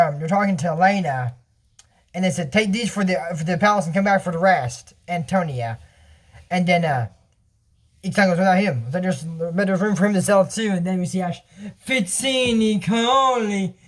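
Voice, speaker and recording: A man casually recapping a cartoon episode. He rambles and acts out the characters' lines, jumping up and down in pitch.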